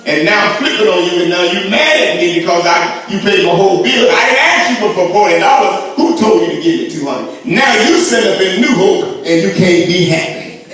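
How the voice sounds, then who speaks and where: A man preaching a sermon to his congregation, with shouted and sung peaks and playful asides, recorded in a church sanctuary. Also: sits high, animated, fairly quick, few pauses. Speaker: pastor. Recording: echoey church from far off.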